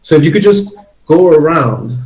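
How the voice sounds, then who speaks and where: A man's voice: fairly high pitch, sing-song, moderate pace, vocal fry, darkish tone, low-quality recording. A man acting as game master of a tabletop game, patiently explaining rules with frequent hesitations.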